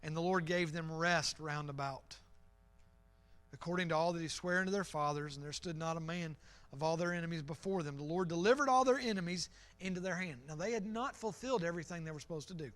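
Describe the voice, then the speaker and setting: Earnest high-voiced male preacher. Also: quick pace, a bit bright. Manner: earnest, conversational preaching with repeated phrases. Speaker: pastor. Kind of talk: sermon. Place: church.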